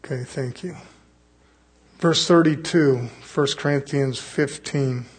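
A man preaching a sermon as pastor, swinging from loud fervent build-ups to quiet asides. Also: mid-range voice, slow pace, breathy edge.

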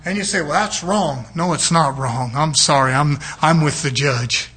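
High-voiced man preaching emphatically. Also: normal speed, pushed and bright, breathy edge. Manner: emphatic and folksy, prodding listeners with rhetorical questions. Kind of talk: sermon.

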